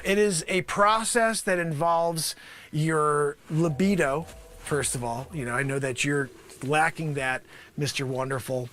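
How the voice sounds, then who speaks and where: A man hosting a live improv comedy show, riffing manically and sarcastically as a pitchman, swinging from loud outbursts to mutters. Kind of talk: improvised comedy bit, pitching a product to investors.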